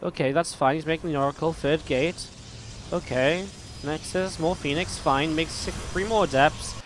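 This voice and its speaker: An esports caster and host calls a live match play-by-play, talking to viewers in a loose, rambling way. The man's voice is fairly high and a little strained, holding a steady tone at moderate pace against background noise.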